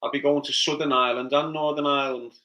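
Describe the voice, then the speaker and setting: A middle-aged Scouser from Liverpool, England, hosts a laid-back livestream, responding to viewer comments one after another and reading each username aloud in a chatty manner. He talks fast in a steady, mid-range voice with a sharp tone.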